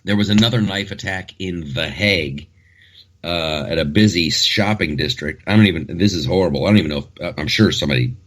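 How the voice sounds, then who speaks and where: A man's voice: low-pitched, fairly quick, fairly bright tone. A man hosting a casual comedic talk show, rambling and joking with frequent restarts.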